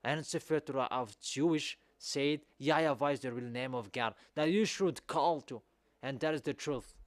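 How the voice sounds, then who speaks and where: A man preaching a sermon in non-native English, repeating his points with emphasis and rising to loud exhortation. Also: mid-range voice, normal speed, no echo.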